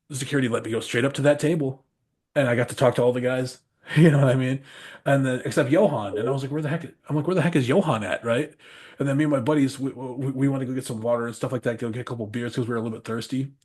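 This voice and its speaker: A man on a podcast telling rambling, animated road stories, laughing often and swearing freely. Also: medium pitch, fast, slightly rough. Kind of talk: casual storytelling chat.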